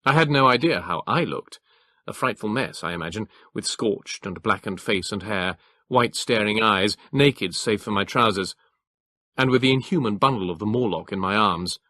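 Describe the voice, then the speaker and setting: With no room sound in the recording, a man with a fairly low pitch reads an audiobook script. His delivery stays even and measured as he tells the story.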